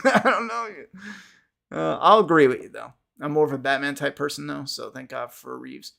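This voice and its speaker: A man's voice: fairly high pitch, normal speed, creaky, pushed and bright. A man hosting a podcast livestream, chatting casually with viewers, rambling with frequent restarts and casual swearing. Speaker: podcast host.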